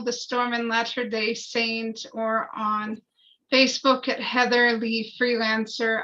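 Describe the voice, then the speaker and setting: A woman from Canada introducing herself on a video call, eager and promotional. Her voice is bright and sits on the high side. The call audio is dull and lo-fi. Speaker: actor and freelancer. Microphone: desk USB mic.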